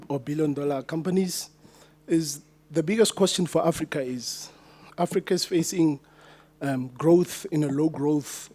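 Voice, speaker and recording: A man's voice: a little high, mellow. A man in the audience asking a question at a book launch, searching for his words as he goes. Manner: searching, loose phrasing.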